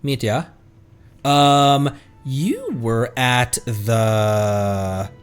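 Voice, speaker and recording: Male streamer, casual reaction talk, lively swinging pitch, hesitant and rambly with faint music behind. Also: very slow, smooth. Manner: rambling and hesitant, many restarts, bursts of excitement. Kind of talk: casual livestream reaction commentary.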